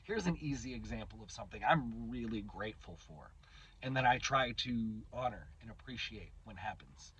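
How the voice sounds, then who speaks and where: Husky man in his 30s, channel host, candid and unpolished, some swearing, on a dull lo-fi recording. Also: on the low side, animated, a bit bright. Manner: candid, swears casually, halting restarts. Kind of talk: reflective personal monologue.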